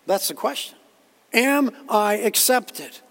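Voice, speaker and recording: A man's voice: high-pitched, expressive, takes it slowly, a bit bright, in a large hall. A man preaching a sermon as a pastor, earnest, repeating himself and quoting others as he builds his point. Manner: earnest preaching with repetitions and quotations.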